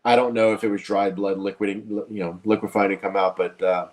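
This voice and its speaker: A man's voice: fairly low pitch, level tone, quick pace. A man hosting a podcast, telling a long story in casual chat with many restarts.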